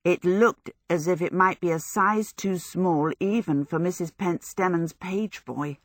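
A woman reading a novel aloud in steady, even audiobook narration on a close microphone. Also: on the low side, unhurried, no echo.

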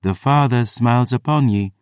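A man voicing a stern masked priestess in an audiobook, with a deep, musical voice and archaic, formal speech. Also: normal speed, smooth, no room sound, studio quality, close to an everyday voice. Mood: solemn. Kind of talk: audiobook character voice.

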